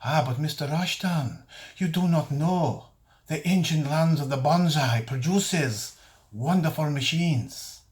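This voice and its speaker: A man voicing an overly polite foreign salesman who pitches metal detectors in a slow, sugary way. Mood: flattering. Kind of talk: mocking impression in a casual talk.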